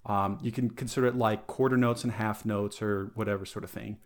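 A man's voice: on the low side, fairly even intonation, fairly quick. A man chatting casually on a podcast, explaining eagerly with many fillers and restarts. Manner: enthusiastic, rambling, lots of fillers.

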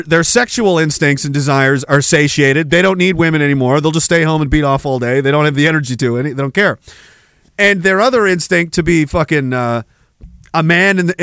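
A man's voice: sits high, fairly bright tone, dry recording, studio quality. A man hosting a podcast, delivering a heated, profane monologue with mocking sarcasm. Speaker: podcast host.

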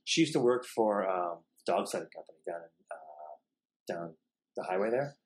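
A man's voice: low voice, a little hiss or hum. A man telling a story in casual, profane chat, acting out the other people in it. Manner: fast, profane, animated storytelling.

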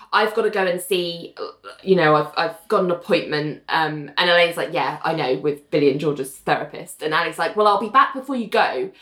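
A woman's voice: low-pitched, a bit bright, roomy sound. A woman co-hosting a casual podcast, retelling TV scenes and acting out the characters' lines. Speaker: podcast co-host recapping a TV episode. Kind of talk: casual chat.

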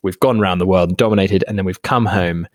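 Low-voiced man chatting. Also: no echo, clean studio sound. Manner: halting, many restarts and fillers, laughs easily. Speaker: podcast co-host. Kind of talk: casual chat. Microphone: home microphone.

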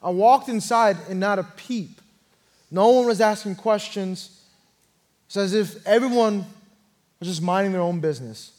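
A young man preaching an earnest sermon testimony, telling his story and swelling louder at key moments. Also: high-pitched, measured pace, long pauses.

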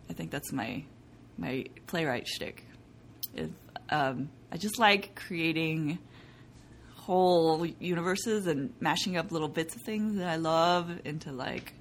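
A young woman playwright talks casually about her work in an interview. Her voice swoops widely in pitch. She laughs often and mimics other people in brighter, higher tones. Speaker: playwright guest.

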